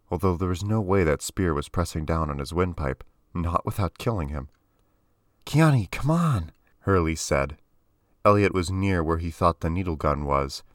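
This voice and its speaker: A man narrates a story in a measured, even audiobook style. His voice is very deep and low. The sound is dry and close, with no room around it. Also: no room sound.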